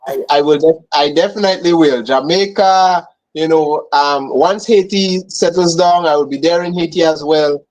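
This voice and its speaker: A man's voice: fairly high pitch, normal speed, rough recording. A Grenadian man hosting a casual live interview, affirming his guest often, with many fillers and repeated words. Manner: friendly, warmly affirming, frequent fillers and repeats. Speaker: host.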